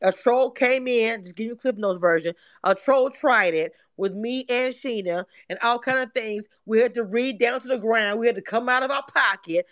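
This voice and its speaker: Brash woman hosting a chat. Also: fairly high pitch. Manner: brash, swearing, teasing. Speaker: space host. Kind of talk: casual chat.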